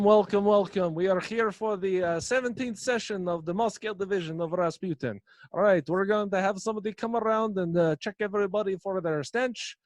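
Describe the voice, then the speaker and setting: A man voicing a boastful, filthy Russian mad-monk cult leader in a loud mock-Russian accent drifting toward mock French, with pompous broken grammar. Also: sits high, no room sound, voice pushed up, close to an everyday voice.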